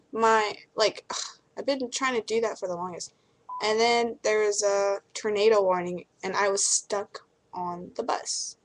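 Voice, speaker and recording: A woman's voice: medium pitch, fairly even intonation, slow. Chatty young woman telling a story. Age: 20s. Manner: rambling, full of "like" and restarts; chatty, acts out what others said. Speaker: vlogger. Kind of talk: casual storytelling to camera.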